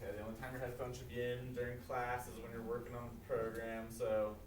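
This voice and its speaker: A man teaching a live class, heard from across an echoey classroom with faint noise. He drills new words by call and response and repeats his prompts, peppering his talk with "okay." His voice sits at an ordinary pitch. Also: level tone, quick pace, distant mic.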